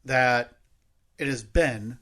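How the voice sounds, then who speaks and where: A man's voice: mid-range voice, very slow, a bit bright. Midwestern male co-host, casual and playful, loose rambling delivery. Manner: rambling, self-correcting, playful. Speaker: podcast co-host. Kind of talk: casual chat.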